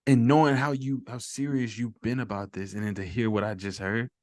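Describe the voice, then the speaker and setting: A man's voice: mid-range voice, steady tone, fairly quick, a little mellow, dry recording, studio quality. A man hosting a casual conversation, emphatic and encouraging toward his guest. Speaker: host.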